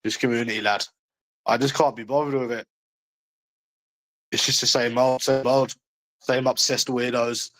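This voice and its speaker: A man's voice: medium pitch, little pitch movement, moderate pace, long pauses, a bit bright, rough recording. A man with a London accent chatting casually to viewers on a livestream, blunt and mocking, swearing often.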